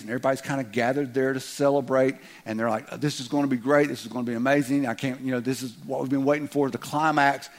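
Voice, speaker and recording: A man preaching a sermon in a conversational way, with joking asides and loud acted outbursts. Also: medium pitch. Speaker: pastor.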